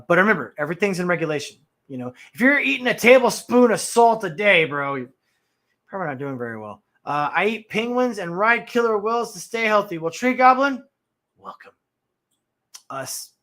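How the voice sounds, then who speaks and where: A man and former Marine hosting a casual livestream, reacting bluntly and with feeling to videos and chatting to his viewers. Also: fairly high pitch. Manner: blunt, animated, talks straight to viewers.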